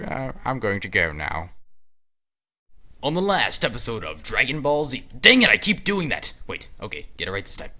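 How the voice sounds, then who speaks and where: A man's voice: fairly low pitch, huge pitch swings, normal speed, pushed and bright. Sarcastic rambling male narrator. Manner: rambling, sarcastic, fumbling asides. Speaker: narrator and parody creator. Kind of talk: comedic parody narration.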